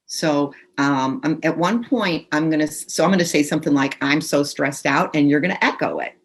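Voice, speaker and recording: A woman with a deep voice speaks fairly quickly as she leads a group through tapping on a video call. Using her computer's mic, she gives instructions and has them repeat her phrases aloud.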